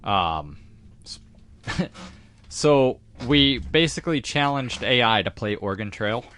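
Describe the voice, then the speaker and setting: A man's voice: medium pitch, animated, slow, a bit bright, slight background noise. A man co-hosting a podcast in casual chat, talking in a wry, joking way. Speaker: podcast co-host.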